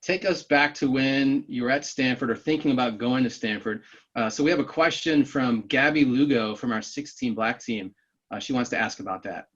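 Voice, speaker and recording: A man's voice: medium pitch, normal speed, breathy edge. A man hosting a casual club interview, friendly, and moving the topics along. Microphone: video call. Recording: dull lo-fi video call audio.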